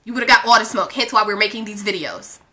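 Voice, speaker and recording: Brash, bright-voiced young woman ranting. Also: medium pitch, quick pace. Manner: brash, profane, animated. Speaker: vlogger. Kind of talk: storytime rant.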